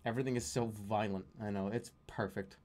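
A man's voice: lowish voice, steady tone, brisk, noisy background. A young man casually commenting on a game he is streaming, crude and joking. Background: game music and vehicle sounds.

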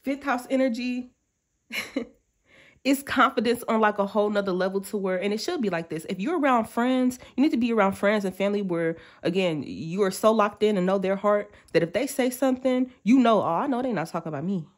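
Speaking a little fast at medium pitch, a woman gives her viewers an easygoing tarot reading. She's animated, chatty and slangy. Frequently she cuts off her own sentences to voice quoted thoughts.

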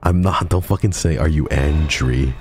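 A man's voice: a bass voice, normal speed, darkish tone, slight background noise. A man streaming a game, bantering with his chat in a teasing, profane, mock-menacing way. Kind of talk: casual gaming stream chat.

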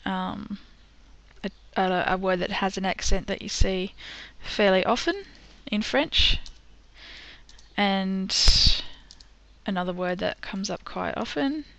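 A woman teaching a screen-recorded software tutorial, patient and step by step, with frequent ums. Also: medium pitch, no room sound, dull audio.

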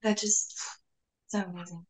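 An actress being interviewed in casual chat, telling lively stories, slipping in French words and laughing often. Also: female voice, medium pitch, a little slow. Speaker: actress guest. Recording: roomy echo.

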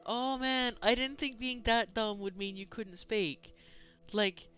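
A man's voice: very high voice, slow, sharp tone, clear, resonant tone, highs cut off, soft background music. A man giving casual, self-mocking commentary while playing a video game, swearing and laughing often. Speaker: gaming let's-player.

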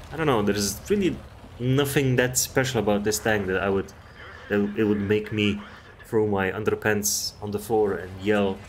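A man's voice: on the low side, a little hiss or hum. A man casually commenting on a game replay, rambling and chatty, swearing freely. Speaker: gameplay commentator.

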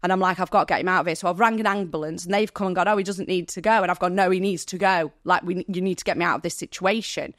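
A woman's voice: lowish voice, steady tone, fast, few pauses, fairly bright tone, dry recording, clean studio sound. A woman, a podcast guest, telling her own story candidly and emotionally, acting out what people said. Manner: candid, vivid retelling with quoted dialogue; emotional, near tears. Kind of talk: personal storytelling in an interview.

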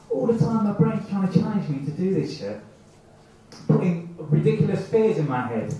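A man's voice: high-pitched, animated, moderate pace, dark tone, recorded from a distance. A man doing a rambling, self-mocking stand-up set at an open mic night, acting out the voices in his head. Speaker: stand-up comedian. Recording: echoey, muffled amateur club recording from afar.

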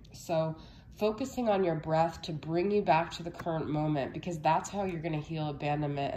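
A woman's voice: low voice, dark tone, reverberant, slight background noise. A young woman giving a casual tarot reading, a little out of breath, chatty and reassuring, often checking in with "okay?". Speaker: tarot reader.

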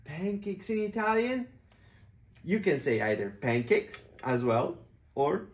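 A woman with a low voice gives a children's vocabulary lesson, drawing out each word and repeating it patiently. Her slow, deliberate speech carries the echo of a hotel room. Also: big pitch swings, darkish tone. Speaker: parent teaching Italian to children.

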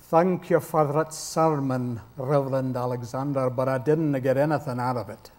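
A man's voice: mid-range voice, steady tone, normal speed, darkish tone, natural voice. A man voicing a plainspoken young male college student in a sermon anecdote. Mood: blunt.

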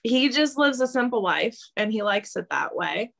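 Gravelly hesitant woman medium. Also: on the high side, lively intonation, normal speed, fairly bright tone. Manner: hesitant, many ums, breaks into laughs. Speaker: medium relaying answers. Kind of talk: channeling interview, relaying quotes.

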